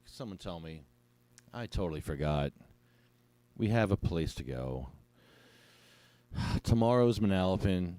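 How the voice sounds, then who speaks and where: Lively low-voiced man rambling at home. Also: a little slow, pauses often, clear, resonant tone, no echo. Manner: rambling, joking, talks to himself. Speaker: meeting attendee on live stream. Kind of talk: casual live-stream chat.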